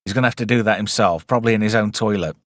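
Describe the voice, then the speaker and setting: A man's voice: lowish voice, very fast, no echo, clean studio sound. A man hosting a casual live film review stream, chatty and wry with rambling asides.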